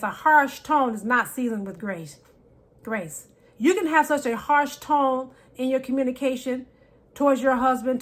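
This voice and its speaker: A woman giving faith-based marriage advice to women, emphatic and preacherly, repeating key phrases and dropping from loud to soft. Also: sits high. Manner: preacherly, quotes scripture, shifts loud to soft.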